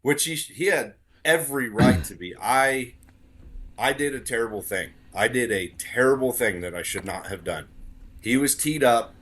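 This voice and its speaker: A man's voice: mid-range voice, lively intonation, moderate pace, fairly bright tone, breathy edge. A man as a podcast guest telling a story in casual conversation, earnest, repeating words for emphasis.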